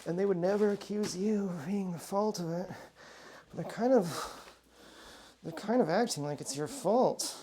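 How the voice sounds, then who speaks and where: A man's voice: sits high, moderate pace, dark tone, a little hiss or hum. A man rambling in a casual, profane monologue from home, drifting between topics and muttering asides. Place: at home indoors.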